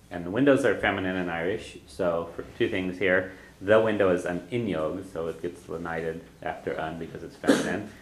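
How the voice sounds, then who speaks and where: A man teaching a classroom language lesson, patiently repeating phrases and quizzing his students. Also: low voice. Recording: echoey room, faint background noise.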